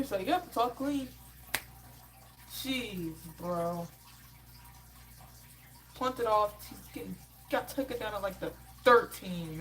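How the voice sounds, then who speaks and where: Woman streamer venting casually, slangy, exasperated, mid-pitched voice. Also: poor audio. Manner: exasperated, slangy storytelling with animated asides. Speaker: live-stream host. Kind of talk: casual live reaction chat and storytelling.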